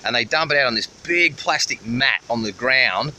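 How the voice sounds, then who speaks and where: An Australian vlogger with an expressive, mid-range voice and a sharp tone talks at normal speed beside a busy road, camera in hand. He rambles through a story, swearing freely, as faint traffic passes in this casual travel vlog.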